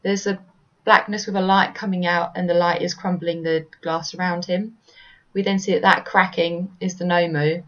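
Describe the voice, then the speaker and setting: A woman with a fairly low voice talks through a manga chapter on a podcast, describing each panel and reading lines aloud. Now and then she trips over a word. The sound is slightly dull and lo-fi. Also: steady tone, moderate pace, a bit bright. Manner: narrates panels, reads lines aloud with small stumbles. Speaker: podcast co-host. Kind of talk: casual chat recapping a manga chapter.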